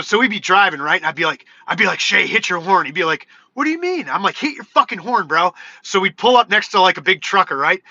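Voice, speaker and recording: Man, high bright voice, rambling livestream chat, dry slightly muffled audio. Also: dry recording. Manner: rambling and excitable, peppered with "dude" and "bro". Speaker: livestream host.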